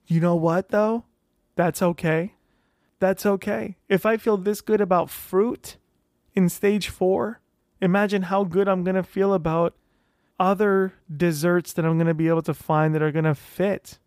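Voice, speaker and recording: A man talking casually about adjusting to life after weight-loss surgery, animated and often acting out what other people say. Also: on the high side, dry recording, clean studio sound. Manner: animated, self-talking, acts out quoted voices. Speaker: vlogger sharing weight-loss surgery journey. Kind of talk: casual monologue.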